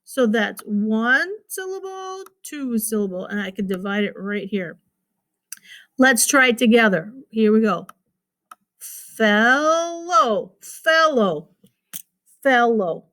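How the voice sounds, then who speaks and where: A woman's voice: on the high side, lively intonation, takes it slowly, a bit bright. A woman teacher giving a recorded phonics lesson to children, patiently repeating words and sounding out their syllables.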